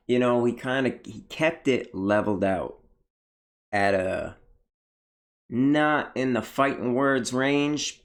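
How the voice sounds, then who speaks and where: A man with a low, gravelly voice gives laid-back commentary on a clip he just watched. He sounds blunt and easygoing, and he doesn't mind swearing. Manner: relaxed, blunt, swears freely. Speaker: reaction video host. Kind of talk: casual commentary.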